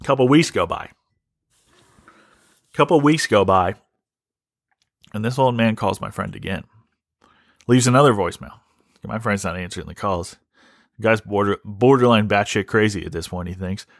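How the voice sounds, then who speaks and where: A man's voice: on the low side, normal speed, pauses often, dry recording, clean studio sound. A man hosting a podcast who tells a story as an exasperated, wry rant and often repeats himself. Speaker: podcast host.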